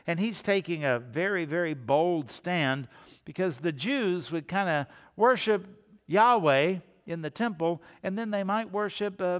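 A middle-aged pastor preaching a sermon, talking in a conversational way and lifting his voice when he quotes scripture. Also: fairly high pitch. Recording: long reverb of a hall.

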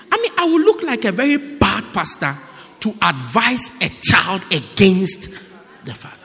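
A male pastor preaching a lively sermon in a church, acting out people's excuses and breaking into shouts. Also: high-pitched, normal speed. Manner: animated, mimics excuses, bursts into shouts. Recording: echoey church hall.

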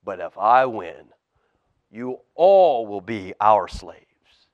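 A man voicing a huge, boastful giant soldier, slow and bellowing as he taunts, in a storybook reading. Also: lowish voice, sing-song, dry recording, lo-fi sound, pitched below the performer's own voice, full character voice. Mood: taunting.

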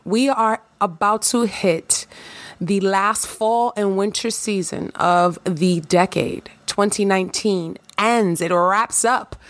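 A woman hosting her own podcast, talking to listeners in a lively, playful, hype-building way. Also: on the low side, no room sound. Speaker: podcast host. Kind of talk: casual solo podcast talk.

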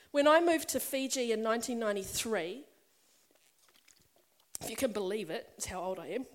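Middle-aged female preacher, high voice, warm-chatty storytelling that swells into emphatic appeals. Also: moderate pace. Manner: conversational and personal, building to emphatic passages. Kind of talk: sermon. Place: church or meeting hall with a congregation.

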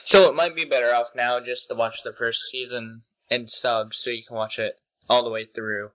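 A young man co-hosting a podcast in casual chat, relaxed and self-deprecating, rambling with fillers. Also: medium pitch, moderate pace, low-quality recording. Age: young adult. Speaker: podcast co-host.

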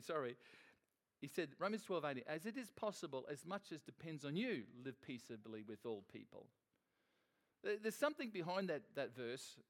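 A man delivers a sermon with a slightly higher-pitched voice. He speaks conversationally and rambles, often restarting sentences as he tells a story from his own life. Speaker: preacher.

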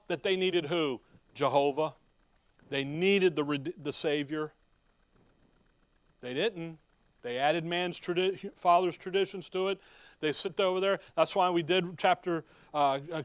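A man preaching a sermon, folksy and emphatic, firing rhetorical questions at his listeners as he works through scripture. His voice sits a little high for a man and comes across smooth and resonant. The sound is dry and close, with no room around it. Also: no room sound. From Midwestern United States. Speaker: pastor.

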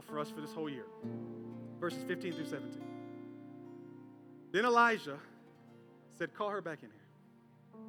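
A man preaching a sermon, telling a story with humor and acting out the people in it. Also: fairly high pitch. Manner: animated storytelling, acting out characters with voices. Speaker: pastor.

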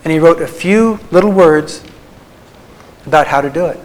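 Man, somewhat high voice, earnest, tender, slow emphatic pauses, faith talk to a group. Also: rough recording. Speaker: Christian psychologist speaker.

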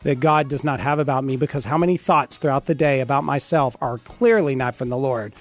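A man's voice: mid-range voice, brisk, faint music behind. A man hosting a conversational faith talk show, affirming his guest and often restarting his sentences. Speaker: host.

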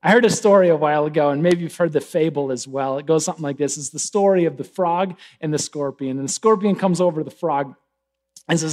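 A pastor giving a casual, conversational sermon, animated and swinging between loud emphasis and hushed asides. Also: male voice, on the high side, fast talker.

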